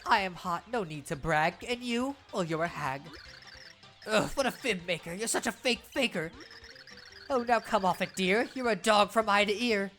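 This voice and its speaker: A woman's voice: mid-range voice, a bit bright, lightly acted. A woman voicing a prissy, catty fairy woman who speaks in rhymes. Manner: rhyming, taunting delivery.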